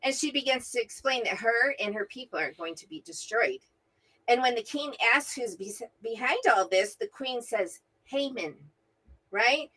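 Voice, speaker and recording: A middle-aged woman co-hosts a casual Bible discussion, telling the story in a high, bright voice. Her pitch swings widely as she animates each scene. She keeps checking in with "right?" as she goes. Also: lively intonation, moderate pace, husky, rough recording. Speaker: co-host, mother of the other host. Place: at home, remote from her co-host.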